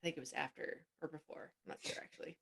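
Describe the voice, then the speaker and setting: A woman's voice: deep voice, fairly even intonation, fast, vocal fry, fairly bright tone. A woman co-hosting a podcast, chatting and telling stories, often trailing off mid-thought. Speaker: podcast co-host. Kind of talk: casual chat.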